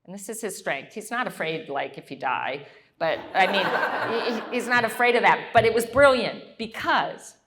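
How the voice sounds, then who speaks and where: A middle-aged woman telling a story at a Q&A, acting out the voices of the people she quotes. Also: medium pitch. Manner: animated, acts out quoted voices. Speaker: guest speaker.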